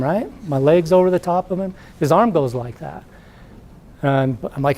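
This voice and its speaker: A middle-aged man, an entrepreneur, giving a talk to students as an animated storyteller who acts out the voices. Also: a little high, moderate pace. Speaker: entrepreneur guest speaker.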